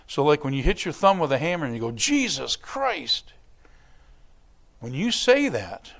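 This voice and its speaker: A man preaching as a church pastor, in a conversational, animated manner, acting out little quotes and scenes as he explains scripture. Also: a little high, quick pace. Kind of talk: sermon.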